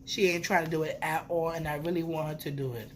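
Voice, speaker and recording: A woman's voice: sits low, fairly even intonation, fast, slight background noise. A young woman, telling a playful storytime vlog with swearing. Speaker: vlogger. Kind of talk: casual storytime.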